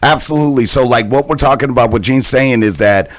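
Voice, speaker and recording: A man's voice: medium pitch, fast talker, dry recording. A man co-hosting a casual podcast interview, talking in a laid-back, slangy way. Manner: laid-back, slangy, keeps asking "you know what I mean". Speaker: podcast co-host.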